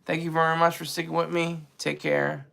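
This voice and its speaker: Gravelly, bright-voiced male streamer. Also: on the high side, little pitch movement, a little fast. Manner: rambling, joking, reads chat aloud. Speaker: livestream host. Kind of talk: casual livestream commentary.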